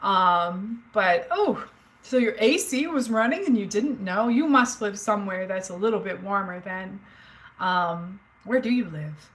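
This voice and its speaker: A woman's voice: medium pitch, lively intonation, unhurried, fairly bright tone, rough recording. A woman in her forties hosting a livestream, chatting casually and candidly with viewers, rambling through stories with fillers and the odd swear. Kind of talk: casual chat with live chat. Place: home, indoors.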